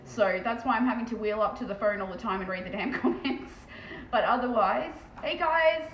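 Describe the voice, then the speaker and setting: A woman with an Australian accent chatting fast and casually on a live stream as she paints terrain, swearing freely. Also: fairly high pitch, a bit bright, highs cut off. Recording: echoey room with faint background noise.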